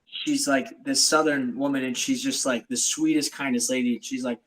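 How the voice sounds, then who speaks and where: A man's voice: medium pitch, steady tone, fairly quick, hardly any pauses, a bit bright, low-quality recording. A man hosting a podcast, telling a personal story in casual chat with many fillers. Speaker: podcast host.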